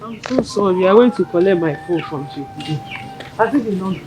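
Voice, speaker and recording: An actress with a Nigerian accent playing a restless young wife who earnestly plans a business. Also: female voice, lowish voice, expressive, fairly quick, over music, close to an everyday voice, poor audio. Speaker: wife whose husband left for the city. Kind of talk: Nollywood family drama acting.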